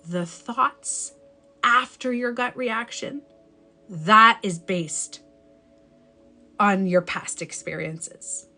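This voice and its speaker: A young adult woman coaching live on a stream, her voice sitting at an ordinary middle pitch. She speaks frankly and with emphasis, dropping casual swear words and restarting sentences as her thoughts run on. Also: drawn-out words, pauses often, bright, forceful tone, soft background music. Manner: rambling with self-corrections. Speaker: life coach. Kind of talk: live-stream advice talk.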